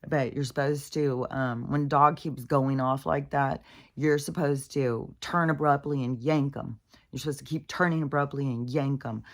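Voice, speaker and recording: A woman's voice: rumbling low, fairly even intonation, normal speed. A woman talking in a casual, rambling way, venting and swearing freely while worn out and in pain. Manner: profane, venting, full of fillers. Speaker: vlogger.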